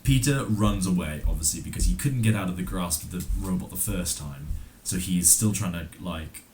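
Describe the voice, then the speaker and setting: A man's voice: low voice, normal speed, darkish tone, a little hiss or hum. A man co-hosting a podcast, casually recapping a comic with lots of ums and likes. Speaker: podcast co-host.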